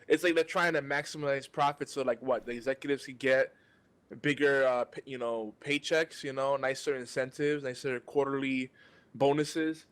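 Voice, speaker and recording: A man's voice: mid-range voice, steady tone, normal speed, fairly bright tone, clean tone. A man hosting a podcast, ranting in exasperation and often restarting his sentences. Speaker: podcast host. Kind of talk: casual podcast banter.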